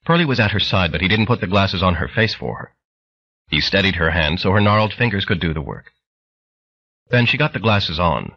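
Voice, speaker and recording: Husky low-voiced male audiobook narrator. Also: dull audio. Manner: dramatic storytelling. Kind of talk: scripted narration.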